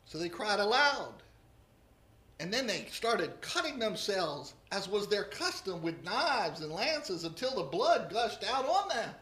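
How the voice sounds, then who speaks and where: A preacher giving a sermon, retelling a scripture story with humor and lively storytelling. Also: mid-range voice, unhurried. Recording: roomy echo.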